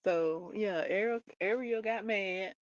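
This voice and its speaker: A woman's voice: mid-range voice, slow pace, highs cut off. A woman hosting a livestream, chatting casually about a book and retelling its scenes in her own words with playful asides. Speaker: livestream host.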